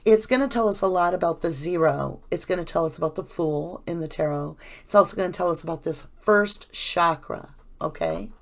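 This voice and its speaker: A woman's voice: on the low side, sing-song, moderate pace, hardly any pauses, slight background noise. A woman giving a casual, effusive tarot reading, chatting and rambling to her viewers. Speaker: tarot reader.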